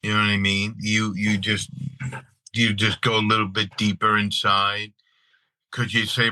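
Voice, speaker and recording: A middle-aged man from Long Island with a New York accent, an actor telling stories in a casual interview, animated and repeating his words as he acts out scenes. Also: fairly low pitch, a little slow, no room sound, rough recording. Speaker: actor and guest.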